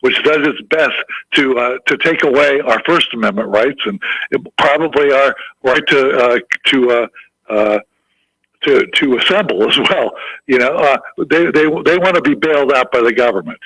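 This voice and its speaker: Husky, halting male radio caller. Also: mid-range voice, fairly bright tone, no room sound, rough recording. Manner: halting, stumbling restarts. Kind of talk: casual call-in chat.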